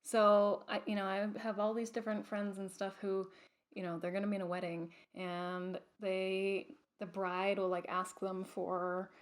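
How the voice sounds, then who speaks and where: A woman's voice: mid-range voice, little pitch movement, unhurried. A young adult woman hosting her own vlog, chatting casually to camera with lots of fillers and restarts. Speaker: vlog host.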